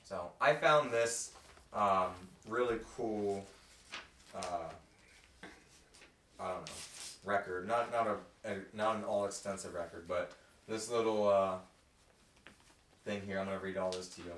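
A man's voice: lowish voice, unhurried, pauses often, fairly bright tone. A man leading a casual group Bible study, reading scripture aloud and talking it over loosely. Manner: reads scripture aloud, then chats loosely with fillers. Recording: roomy sound from a distance.

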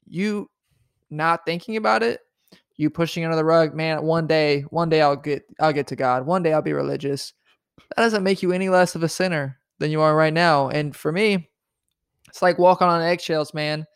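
A man's voice: fairly high pitch, moderate pace, creaky, clear, resonant tone, dry recording, clean studio sound. A man co-hosting a podcast, talking earnestly and casually about faith, often tagging thoughts with "right?". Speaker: podcast co-host.

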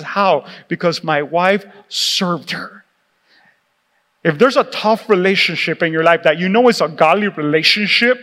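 Animated high-voiced male pastor preaching. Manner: animated, laughing, acts out quoted voices. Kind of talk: sermon. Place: church sanctuary. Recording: reverberant church hall with music.

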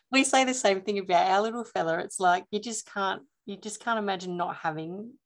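A woman's voice: medium pitch, moderate pace. A woman, a podcast host asking questions in friendly, casual chat. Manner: friendly, warmly chatty interviewer.

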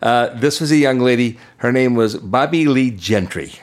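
A man's voice: mid-range voice, animated, moderate pace. A man co-hosting a music radio show, chatting casually and teasing his partner as he introduces a song.

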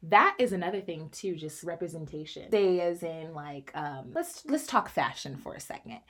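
A woman's voice: low-pitched, expressive, moderate pace. A woman in her twenties hosting a podcast, asking long, searching questions and affirming often. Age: 20s. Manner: interviewer, asks long questions, frequent affirmations. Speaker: podcast host. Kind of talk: casual conversation.

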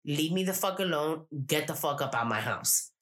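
A woman's voice: low voice, animated, moderate pace, a bit bright. A woman doing an exasperated, swearing young man. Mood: dismissive. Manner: profane, incredulous. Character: brash young male drug dealer, exasperated.

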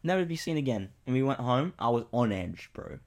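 A young man, co-hosting a podcast and telling a story in an animated, rambling way with many fillers. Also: mid-range voice, a little fast. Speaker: podcast co-host. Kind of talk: casual storytelling chat.

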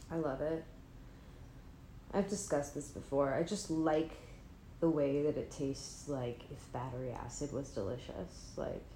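A woman's voice: low voice, dark tone, slight background noise. A woman vlogging in casual, rambling chat, sleepy and not fully awake, self-deprecating and often trailing off mid-sentence. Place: indoors at home, an apartment. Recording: echoey room with faint ambience.

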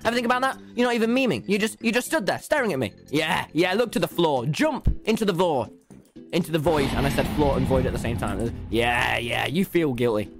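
A man's voice: a little high, a little fast, creaky, over music. A young man casually telling a story on a livestream, jumping into voices for the people in it. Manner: animated, mimics others with voice jumps.

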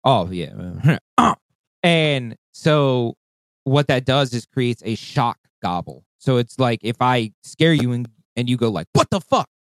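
The man's mid-range voice moves at a slow pace, recorded with no room sound. Casual and lively, he works through a long hunting story, peppering it with curses and impersonating voices and calls.

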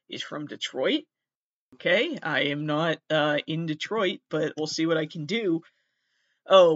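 A man's voice: a little high, a bit bright, no room sound. Male podcast host, rambling comic monologue, self-mocking, slightly muffled dry recording. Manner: rambling, self-deprecating, stumbles over names. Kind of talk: casual comedic monologue. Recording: dull lo-fi dry sound.

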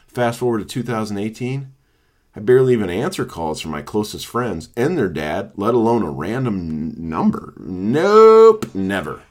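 A man's voice: on the low side, expressive, moderate pace, a little mellow. A man in his thirties, a salesperson, reading a humorous personal essay aloud in a wry, self-mocking way. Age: 30s. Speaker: salesperson and blogger.

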